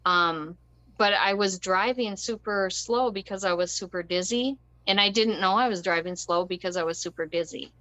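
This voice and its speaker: A woman's voice: mid-range voice, moderate pace, bright, forceful tone, no echo, low-quality recording. A woman telling a personal story as an interview guest, rambling and conversational, with frequent ums and short laughs.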